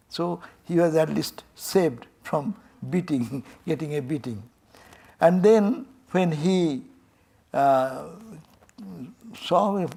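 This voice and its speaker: An older man with an Indian English accent tells a devotional story from the pulpit of a temple. His voice sits a little high, and he acts out each character's lines with a lively rise and fall and frequent chuckles. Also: slow pace, creaky, husky. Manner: animated, acts out dialogue, chuckles often. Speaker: swami giving a temple talk. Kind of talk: storytelling sermon.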